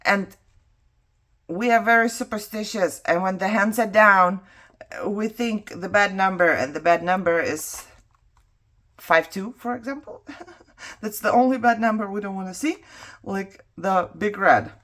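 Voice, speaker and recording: Her medium-pitched, slightly bright voice moves at a measured pace with frequent pauses. A non-native English speaker, this craft vlogger rambles through a story as she crafts, laughing often and talking to herself.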